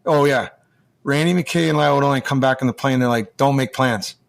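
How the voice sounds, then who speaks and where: A man's voice: mid-range voice, fast, creaky. Rambling American man telling old stories. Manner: rambling, full of restarts and acted-out quotes. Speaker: guest, former hockey player. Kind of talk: casual storytelling.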